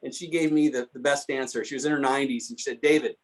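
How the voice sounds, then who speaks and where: A man's voice: mid-range voice, quick pace. A man telling anecdotes at a history talk, answering a question and acting out the people he quotes. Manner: animated, acts out quoted voices. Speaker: guest speaker on local history. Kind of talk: storytelling in a Q&A.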